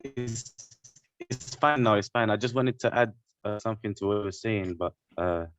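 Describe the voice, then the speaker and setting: A man's voice: lowish voice, moderate pace, fairly bright tone. A male workshop participant on a video call, hesitant, politely dropping what he meant to add. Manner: hesitant, laughs off his point. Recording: dull lo-fi call audio.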